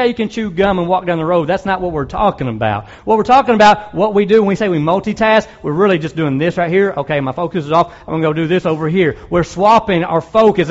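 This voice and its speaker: A man's voice: sits high, dull audio. A man preaching a sermon in a conversational way, asking his listeners direct questions and dropping in wry asides.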